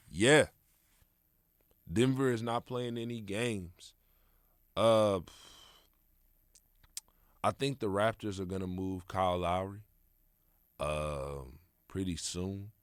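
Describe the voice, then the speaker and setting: A man's voice: low voice, smooth, no room sound, studio quality. A young man hosting a casual solo podcast, rambling in a laid-back, slangy way with plenty of fillers. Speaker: podcast host.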